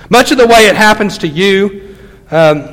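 A man's voice: high voice, lively intonation, unhurried, fairly bright tone, in a large hall, poor audio. A man preaching a storytelling sermon as a pastor, talking in a loose, conversational way full of fillers and restarts.

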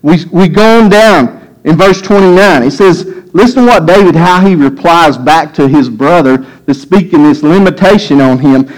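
A man's voice: fairly high pitch, expressive, normal speed, low-quality recording. A man preaching a sermon, telling a scripture story and acting out the voices with rising emphasis. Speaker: pastor.

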